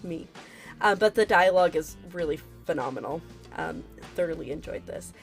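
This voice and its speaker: A woman's voice: deep voice, moderate pace, vocal fry, soft background music. Giggly woman streaming a game. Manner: chatty and giggly, reacting to the game. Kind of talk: casual live-stream gameplay chat.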